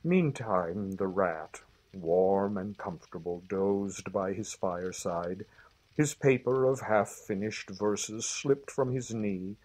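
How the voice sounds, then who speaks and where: Guy reading a bedtime story out loud, husky voice, gentle and expressive. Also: lowish voice, slow pace, low-quality recording. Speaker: reader.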